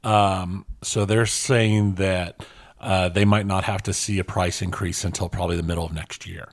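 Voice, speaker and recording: Lower-voiced guy on a gaming podcast, laid back, lots of ums. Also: normal speed, dry recording, clean studio sound. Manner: relaxed, hesitant, many fillers while reading news. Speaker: podcast co-host. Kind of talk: casual chat.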